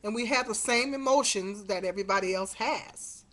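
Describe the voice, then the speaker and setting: A woman's voice: mid-range voice, normal speed, fairly bright tone. A middle-aged woman telling a story to her webcam in a rambling, exasperated way, with many fillers. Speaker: vlogger. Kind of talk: casual webcam monologue. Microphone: webcam mic.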